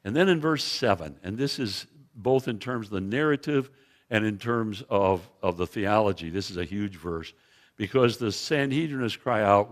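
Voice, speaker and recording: A man's voice: lowish voice, lively intonation, normal speed. A man preaching as a guest Bible teacher, retelling scripture vividly in a church sanctuary, often restarting his phrases and pointing to slides. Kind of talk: sermon with biblical storytelling.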